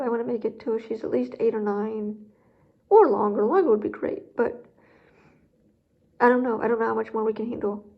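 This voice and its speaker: A woman talking candidly in a personal vlog about handling her guide dog, rambling with many fillers and sounding emotionally drained. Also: a little high. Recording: dull lo-fi recording.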